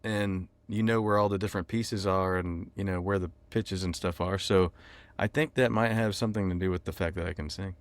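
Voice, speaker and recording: A laid-back man chatting in an interview, rambling with plenty of fillers. His voice sits low. The sound is dry and close. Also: fairly even intonation, fairly quick, hardly any pauses, no room sound. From Texas. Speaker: musician guest. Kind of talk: casual interview chat.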